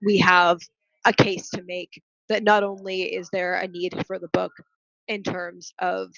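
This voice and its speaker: A woman's voice: fairly low pitch, little pitch movement, moderate pace, vocal fry, fairly bright tone, no room sound. Earnest young woman on a dull, dry line. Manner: articulate, earnest, speaks in long fluent sentences. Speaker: nonprofit founder and guest. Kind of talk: podcast interview answer.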